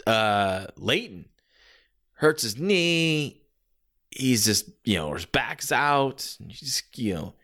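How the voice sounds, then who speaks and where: A man's voice: mid-range voice, fairly bright tone. A man talking through how he would have booked a wrestling storyline, rambling with many fillers and restarts. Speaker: wrestling commentator. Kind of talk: casual spoken analysis.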